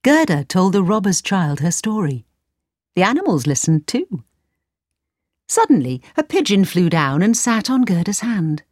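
Woman storybook narrator, slow and clear, dry close mic. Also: mid-range voice, very animated, darkish tone, no echo.

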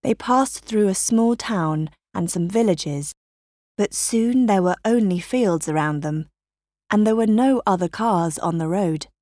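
A woman reading a children's story aloud in a slow, careful narrating voice. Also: medium pitch, a little mellow, dry recording, clean studio sound.

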